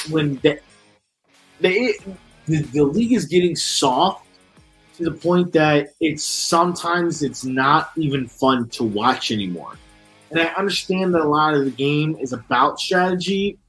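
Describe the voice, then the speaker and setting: A man's voice: a little high, fairly bright tone, rough recording. A young man co-hosting a sports podcast, ranting heatedly with lots of cursing and stumbling restarts. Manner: heated, profane, rambling with restarts. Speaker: podcast co-host. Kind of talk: casual sports rant.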